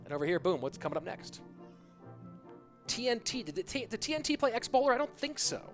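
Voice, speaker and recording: A man casting a video game tournament on a live stream, chatty and excitable, talking to his chat between matches. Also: high-pitched, fast talker. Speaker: esports caster. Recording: music bed behind voice.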